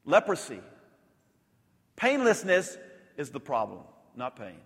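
A male pastor preaching a sermon, rising to loud emphatic peaks and dropping to soft, intimate lows. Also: huge pitch swings, slow pace. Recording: long hall reverb.

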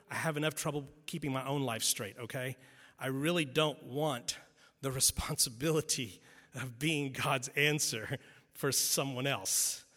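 A man's voice: fairly high pitch, sharp tone. A male preacher giving an emphatic sermon, driving points home by repetition and adding wry asides. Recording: long reverb in a large hall.

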